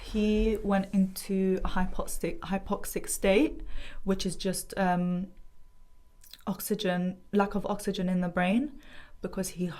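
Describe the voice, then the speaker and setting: A woman's voice: medium pitch, a little mellow. A young woman giving a personal testimony as a podcast guest, talking earnestly and rambling with many fillers.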